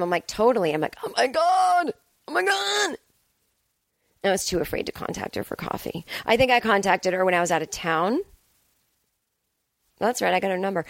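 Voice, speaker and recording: Woman in her forties, solo podcast host, chatty, profane, jumps up high for quoted lines, dry close sound. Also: no echo. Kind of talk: casual solo monologue. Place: at home.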